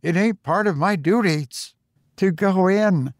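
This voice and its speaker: A man's voice: high-pitched, takes it slowly, no room sound, clean studio sound, voice pushed up. A man voicing a frightened old gardener who pleads in a folksy rural dialect. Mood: fearful.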